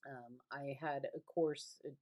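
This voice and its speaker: A woman's voice: rumbling low, steady tone, measured pace, mellow. A middle-aged woman teaching a recorded online lecture from her home, rambling and conversational with many fillers and restarts. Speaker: college instructor.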